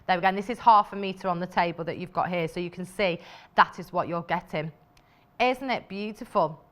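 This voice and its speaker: A woman's voice: on the low side, a little fast, fairly bright tone. A woman presenting fabrics live on a shopping channel. She speaks in a chatty, enthusiastic way, with lots of fillers and asides to her crew. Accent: British English.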